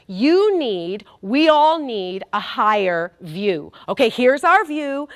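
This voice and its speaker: A woman's voice: a little high, a bit bright. A woman giving an earnest sermon-style talk with stories, speaking straight to her listeners and repeating key phrases for emphasis. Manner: earnest, addresses the audience directly as "you guys".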